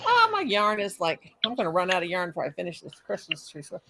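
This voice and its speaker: A woman's voice: lowish voice, wildly swooping pitch, quick pace, noisy background. An older woman hosting a casual live stream, chatting, greeting viewers by name, and humming and singing to herself between remarks.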